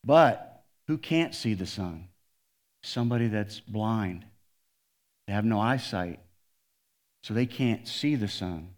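Animated man preaching a sermon. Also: takes it slowly, long pauses. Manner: animated preaching, swings from loud emphatic to quiet and low. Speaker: pastor.

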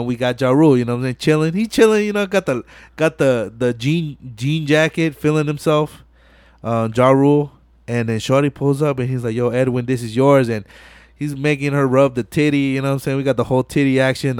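A man hosts a podcast and walks through a movie in loose, profane street slang, full of fillers. His voice sits at a middle pitch, and the recording is close and dry, with no room echo. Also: a little fast, clean tone. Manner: slangy, profane, animated storytelling with many fillers. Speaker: podcast host. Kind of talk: casual movie recap.

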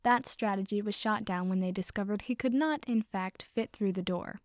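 A woman reading a story aloud with wry, even storytelling. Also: mid-range voice, normal speed, dry recording, clean studio sound. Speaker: reader. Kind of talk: fan fiction reading.

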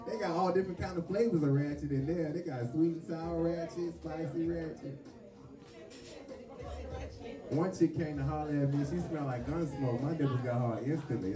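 A man hosting a comedy show, riffing in loose, joking bursts between laughs. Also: on the high side. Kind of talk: stand-up comedy. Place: live venue stage. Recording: roomy hall from a distance with music.

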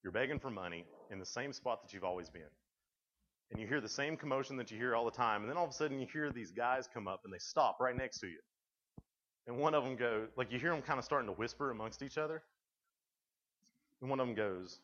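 A man's voice: medium pitch, big pitch swings, a little fast, fairly bright tone, muffled recording. A man giving a casual, joking sermon to a youth group, acting out the voices in the story he tells. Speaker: youth speaker.

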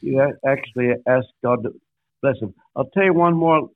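A man's voice: medium pitch, normal speed, no echo. Older man preaching over a tinny line. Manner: emphatic, numbered points, acts out quotes. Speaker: guest pastor and author. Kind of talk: sermon-like storytelling. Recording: dry, tinny phone-like line.

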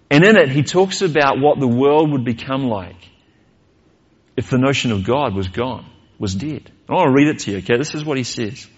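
A man's voice: mid-range voice, highs cut off. A male pastor, preaching a sermon earnestly and posing rhetorical questions.

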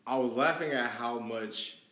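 A man's voice: medium pitch, a little slow, pushed and bright. A man hosts a casual sports talk, chatty and steering the conversation forward. The room around him sounds echoey.

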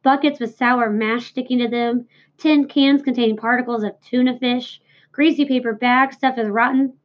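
A woman's voice: fairly high pitch, fairly even intonation, normal speed, natural voice. A woman voicing a crafty old female sheep, lingering over long lists as if tasting them. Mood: tempting. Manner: lush, savoring listing of foods. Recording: dull lo-fi recording.

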